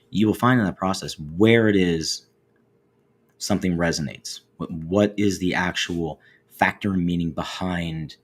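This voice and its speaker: An American man in his forties hosting a talk show, musing in a relaxed, conversational way and often repeating words. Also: low-pitched, breathy edge. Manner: conversational, repeats words, acts out quoted voices. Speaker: radio show host. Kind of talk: reflective monologue.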